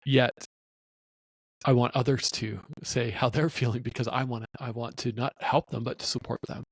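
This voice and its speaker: A man's voice: medium pitch, steady tone, normal speed, husky, no room sound. A middle-aged man hosting a podcast, speaking earnestly and supportively as he shares stories. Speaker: podcast host. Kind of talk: podcast conversation.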